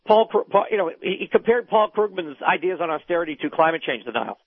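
A man joining a radio show as a political commentator, talking in a sardonic, rapid way with many restarts. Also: high-pitched, very animated, dry recording. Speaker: regular political commentator guest. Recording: phone-line sound.

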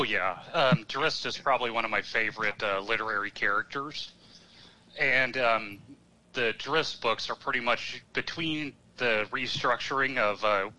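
A man calling in to a show, chatting in a relaxed, rambling way with many fillers. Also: medium pitch, low-quality recording. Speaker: caller. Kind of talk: casual chat.

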